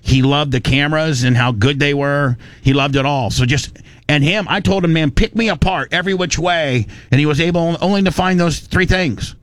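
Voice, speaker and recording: A man hosting a radio talk show, telling a story in an animated, ranting way with frequent restarts. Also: fairly high pitch, moderate pace, no room sound.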